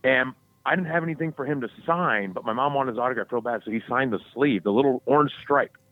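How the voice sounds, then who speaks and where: A man co-hosting a casual podcast talks fast at medium pitch, telling profane, animated sports stories and mimicking the voices of whoever he quotes. The audio has no room sound and comes across dry and tinny, phone-like.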